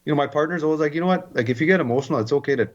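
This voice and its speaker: A man's voice: fairly high pitch, rapid-fire. Easygoing man, slightly dull sound. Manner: easygoing, repeats words. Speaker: hockey analyst, guest. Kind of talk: casual conversation.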